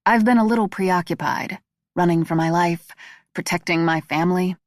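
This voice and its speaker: Female reader doing a hard-edged woman assassin: low, gravelly, blunt, dry close sound. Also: moderate pace, no room sound, natural voice. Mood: blunt, forceful.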